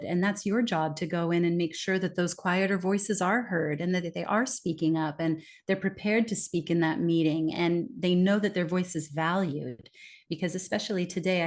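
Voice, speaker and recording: A middle-aged woman with a lowish voice is a guest on a podcast interview. She explains things at length in a lively way, acting out the remarks she quotes.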